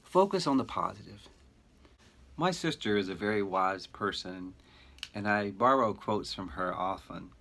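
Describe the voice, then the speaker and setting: Slow, earnest low-voiced male lecturer. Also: animated, gravelly, pushed and bright. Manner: slow, earnest, emphatic with deliberate pauses. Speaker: teacher educator. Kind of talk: recorded lecture narration.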